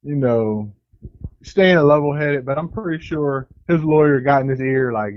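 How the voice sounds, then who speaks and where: Slow, measured man co-hosting. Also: mid-range voice, no echo. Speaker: co-host. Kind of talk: casual podcast talk. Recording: dry dull lo-fi recording.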